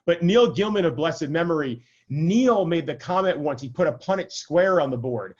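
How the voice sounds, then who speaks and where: A rabbi teaches an adult class over a video call in an informal, conversational lecture, often checking in with "right?" and adding self-deprecating asides. His fairly high, expressive voice is a little mellow at normal speed, and the audio is dull.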